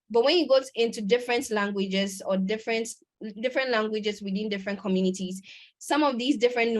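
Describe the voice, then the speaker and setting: A woman presenting a conference lecture over a video call, talking in a conversational way with fillers and restarts. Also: medium pitch.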